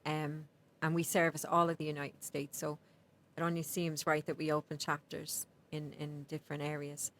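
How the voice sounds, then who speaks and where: A woman's voice: low-pitched, completely flat delivery, normal speed, a bit bright, slight background noise. A middle-aged woman with an Irish accent, chatting as a podcast guest and laughing often. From Ireland. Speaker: podcast guest, nonprofit founder. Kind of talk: casual interview chat.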